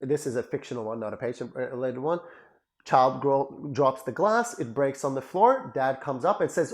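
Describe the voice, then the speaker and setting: A male psychotherapist giving an educational talk in an animated, emphatic way, repeating phrases for emphasis. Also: mid-range voice, normal speed. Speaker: psychotherapist and lecturer.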